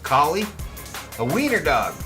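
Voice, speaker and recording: With music in the background, a man whose voice sits a little high hosts a fan watch party at an unhurried pace. He calls each play, reads his chat's names aloud, and keeps things animated and jokey.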